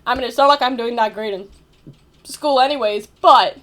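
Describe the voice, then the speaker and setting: Young woman, high pitch, casual vlog storytelling, rambling, lots of fillers, casual swearing. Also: normal speed, fairly bright tone. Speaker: vlogger.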